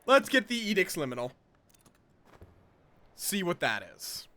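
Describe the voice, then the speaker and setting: A man's voice: high-pitched, big pitch swings, unhurried, sharp tone. A tired man streaming a game, muttering to himself and thinking aloud as he plays. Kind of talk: casual gameplay commentary.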